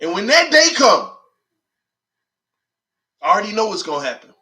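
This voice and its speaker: A man hosting a fan channel, chatting to viewers in an emphatic, excitable way and leaning on "man" and "y'all" constantly. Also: high voice, moderate pace, long pauses. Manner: emphatic, shouts and preaches at viewers. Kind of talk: excitable fan livestream chat.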